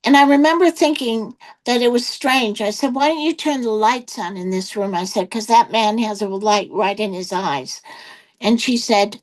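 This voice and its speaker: A woman's voice: fairly high pitch, normal speed, low-quality recording. Older woman telling a rambling personal story. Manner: rambling storytelling with many quoted exchanges and fillers. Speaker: interview guest. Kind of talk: personal testimony in conversation.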